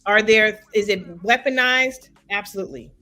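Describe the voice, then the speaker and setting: A woman's voice: mid-range voice, moderate pace, bright, forceful tone, soft background music. A woman on a podcast panel, arguing her point insistently and talking over others. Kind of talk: heated debate.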